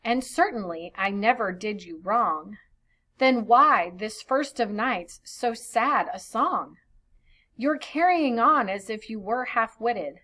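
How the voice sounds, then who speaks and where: Woman reading as an old wife who is hurt and reproachful; slow, a touch higher than her own voice. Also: animated, bright, forceful tone, exaggerated voice. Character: ancient wife pleading with her new husband.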